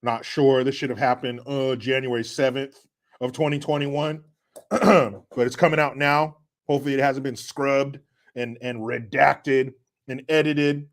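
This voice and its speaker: A middle-aged man hosts a casual political commentary stream in a steady, medium-pitched, unhurried voice. Reading out viewer comments, he adds sarcastic, mocking asides that range from loud to muttered.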